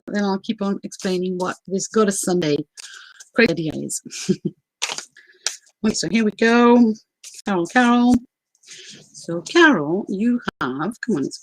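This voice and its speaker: A woman's voice: medium pitch, no room sound, rough recording. A woman hosting a live stream in casual chat, with a mixed international accent whose first languages are French and Greek, laughing often and using many fillers. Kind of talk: casual livestream talk.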